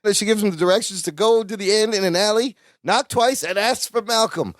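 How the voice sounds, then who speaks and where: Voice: medium pitch, fairly quick, no room sound, clean studio sound. A podcast co-host chatting casually about a sitcom episode and tossing in jokey asides. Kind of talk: casual recap chat.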